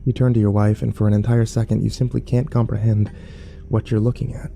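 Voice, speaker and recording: A man narrating dark horror stories in a slow, grim, scripted manner that climbs to frantic shouting in the tense scenes. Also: on the low side, level tone, creaky, poor audio.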